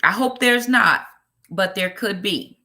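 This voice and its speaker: A woman's voice: mid-range voice, slow, pushed and bright. A woman with a Southern US accent hosting a ministry livestream, chatting casually and greeting viewers by name. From Brooklyn, New York.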